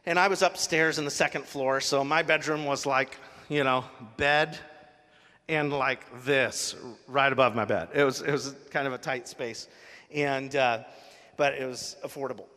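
A man's voice: mid-range voice, steady tone, moderate pace, pushed and bright. A man preaching in a casual, earnest storytelling way, full of fillers and restarts. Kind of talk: sermon storytelling. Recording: long hall reverb.

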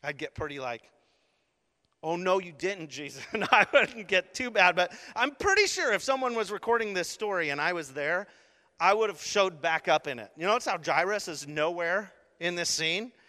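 A male pastor with a high, bright, forceful voice preaches an animated sermon at a moderate pace. He acts out the scene, swinging from sudden shouts to hushed asides, while a large hall's long reverb rings around him.

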